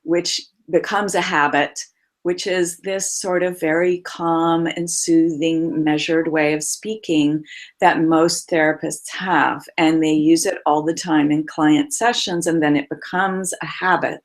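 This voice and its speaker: Expressive lower-voiced woman voice coach. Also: a little slow. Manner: expressive, demonstrates voices, laughs often. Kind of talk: interview guest telling client stories.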